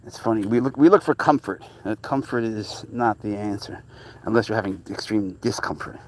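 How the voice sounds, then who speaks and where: A man's voice: fairly low pitch, normal speed. A man casually chatting while out with his pet cat, rambling about life and switching into cooing baby talk for the animal. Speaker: cat owner vlogger. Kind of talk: casual outdoor vlog chat. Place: outdoors by a lake.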